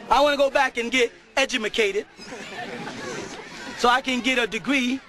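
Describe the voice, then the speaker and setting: A middle-aged man preaching a sermon to a live audience, often shouting and laughing. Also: very high-pitched, a little slow, some chatter behind, poor audio.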